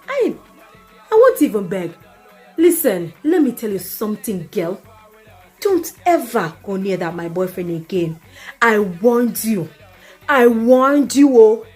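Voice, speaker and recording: A woman's voice: fairly high pitch, darkish tone, exaggerated voice. A woman playing a blunt Jamaican party girl. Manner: patois-laced, lecturing and dismissive. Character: young Jamaican woman, blunt, unbothered and mocking. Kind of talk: comedy skit acting.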